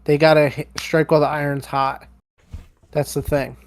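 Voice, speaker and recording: A man's voice: a little high, little pitch movement, moderate pace. A man co-hosting a casual podcast, running through news in an easygoing, informal way. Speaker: podcast co-host.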